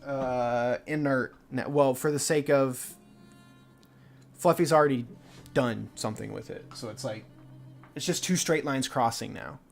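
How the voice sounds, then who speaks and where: A man's voice: medium pitch, unhurried, creaky, pauses often, soft background music. A young man narrating as game master in a live tabletop game, rambling loosely with lots of fillers.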